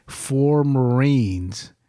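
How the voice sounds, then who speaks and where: Profane animated man telling war stories. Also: medium pitch, very slow, dry recording, clean studio sound. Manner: profane, animated, laughing between lines. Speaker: military veteran telling stories. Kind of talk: casual podcast storytelling. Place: studio.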